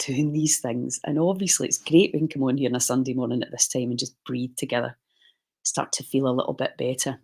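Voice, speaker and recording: A man's voice: mid-range voice, vocal fry, a little mellow, rough recording. A man leading a guided breathing session on a live stream, chatty and reassuring as he coaches.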